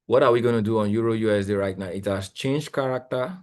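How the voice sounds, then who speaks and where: A young man, coaching traders live while sharing his screen, talking in an excitable, exclamatory, rambling way with lots of repeats. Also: lowish voice, fast. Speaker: trading coach. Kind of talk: live screen-share trading analysis.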